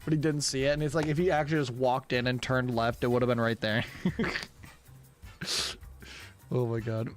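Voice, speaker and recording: A young man streaming a video game tournament, commentating with excited exclamations, laughter and quick character voices. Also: medium pitch. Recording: game music playing behind.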